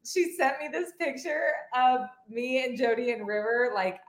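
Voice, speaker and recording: A woman's voice: sits high, expressive, normal speed. A woman co-hosting a casual podcast who talks with emphasis and acts out her past self in her stories. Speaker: podcast co-host. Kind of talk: casual chat.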